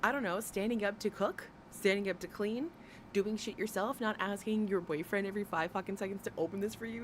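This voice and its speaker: A woman's voice: medium pitch, moderate pace. Blunt, profane woman ranting on a livestream. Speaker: livestream host. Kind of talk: ranting gossip commentary. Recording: noisy background.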